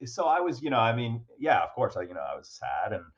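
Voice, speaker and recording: A man's voice: mid-range voice, big pitch swings, quick pace, dull audio. A man speaking as a guest in a casual interview. He tells a story at length, with many fillers and restarts, and laughs often. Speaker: guest actor.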